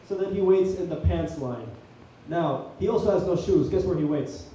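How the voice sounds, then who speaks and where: Deadpan man hosting a comedy night. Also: fairly high pitch, normal speed, a little hiss or hum. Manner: deadpan shaggy-dog joke telling. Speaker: comedy show host. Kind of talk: stand-up comedy set. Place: comedy club stage. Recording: echoey room from far off.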